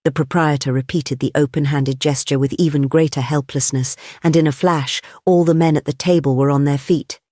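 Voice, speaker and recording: An audiobook narrator reading a classic detective story in a measured, even way. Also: medium pitch, dry recording, studio quality. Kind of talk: scripted narration of a classic novel.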